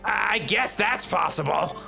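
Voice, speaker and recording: A man voicing a loud, excitable male police detective in a game. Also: high voice, measured pace, gravelly, faint music behind, exaggerated voice. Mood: excited. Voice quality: loud, shouting.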